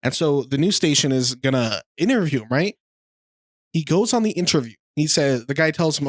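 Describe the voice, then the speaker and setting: A man's voice: a little high, moderate pace, no echo, studio quality. A young man co-hosting a podcast, casually retelling a film scene with lots of fillers. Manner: rambling storyteller, lots of fillers. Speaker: podcast co-host.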